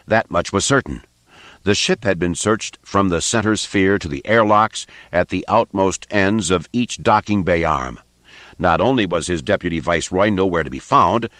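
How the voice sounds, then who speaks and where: Deep-voiced male audiobook narrator. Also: no room sound. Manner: measured, steady storytelling. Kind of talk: scripted narration.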